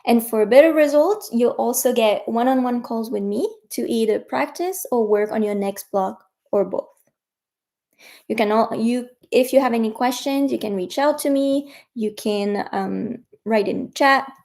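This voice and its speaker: A woman's voice: a little high, measured pace, creaky, a little mellow. A woman with a French accent, a native French speaker, teaching and coaching viewers in a casual livestream, chatty and encouraging as she addresses them directly.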